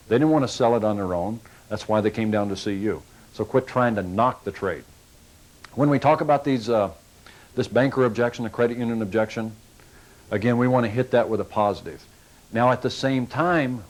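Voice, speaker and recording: A man's voice: medium pitch, a little mellow, low-quality recording. A man giving a sales training talk to car salespeople, folksy and coaching, acting out little customer exchanges as he goes.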